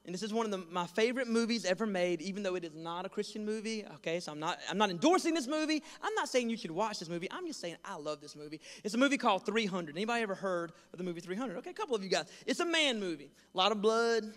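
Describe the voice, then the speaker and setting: Young male pastor, high voice, animated storytelling sermon, long church-hall reverb. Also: very fast, hardly any pauses. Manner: animated, self-deprecating, acts out voices in his story.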